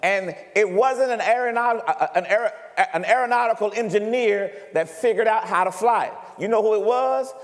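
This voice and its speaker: High-voiced preacher in a reverberant hall. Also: male voice, normal speed, few pauses. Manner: animated preaching, asks the congregation if he makes sense. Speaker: pastor. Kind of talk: sermon. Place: church sanctuary.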